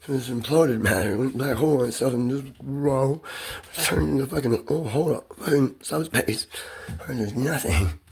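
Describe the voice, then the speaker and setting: A man's voice: mid-range voice, normal speed, vocal fry, darkish tone, breathy edge. A man talking alone in a loose, rambling, profane stream of thought, as in a self-recorded monologue. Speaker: solo monologue speaker.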